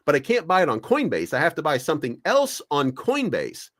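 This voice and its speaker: Animated, swearing man ranting. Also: a little high, fairly quick. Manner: animated, swearing, rants with mock quotes. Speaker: co-host of a crypto talk show. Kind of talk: casual chat. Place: online audio room.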